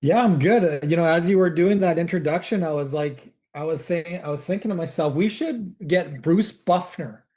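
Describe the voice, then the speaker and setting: A man co-hosting a casual podcast as a mortgage broker, talking in a rambling, relaxed way. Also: fairly high pitch, moderate pace, hardly any pauses. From Canada. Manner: rambling, many fillers and restarts, relaxed.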